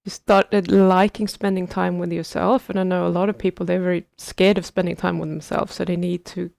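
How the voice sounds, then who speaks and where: A woman's voice: fairly low pitch, level tone, brisk, vocal fry, darkish tone, no room sound. A woman hosting a podcast, curious and asking long, rambling questions in a casual way. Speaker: podcast host. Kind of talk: casual interview chat.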